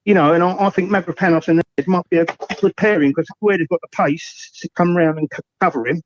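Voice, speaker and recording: A man's voice: a little high, fairly even intonation, quick pace, a little hiss or hum, low-quality recording. Rambling man calling in by phone. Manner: rambling, hesitant, full of ums. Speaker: caller. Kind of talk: phone-in football chat.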